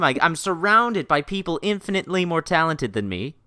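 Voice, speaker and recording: A man's voice: fairly high pitch, a little fast, smooth, dry recording. A man hosting an unplanned livestream, chatting casually with a guest and his viewers, rambling and laughing often. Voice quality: lively, giggly, rambling. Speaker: livestream host.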